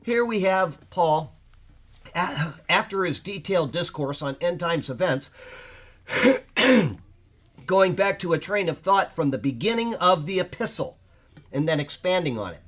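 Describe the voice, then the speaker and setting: Higher-voiced man teaching the Bible. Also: animated, unhurried, fairly bright tone. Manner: checks in with listeners, often asking "okay?"; thinks aloud with fillers while explaining. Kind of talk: informal Bible study lesson.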